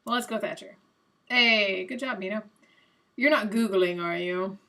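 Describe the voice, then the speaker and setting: A young adult woman hosting a live stream, chatting casually and guessing out loud while she plays a quiz game, a little self-mocking. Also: medium pitch, a little slow.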